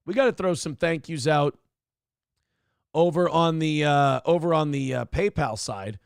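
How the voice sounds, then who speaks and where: A man hosting a casual morning talk show, with a gravelly, fry-heavy voice that sits a touch high for a man. He rambles and swears freely, sure of his own opinions. The sound is dry and close, with faint music underneath. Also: a little slow, dry recording.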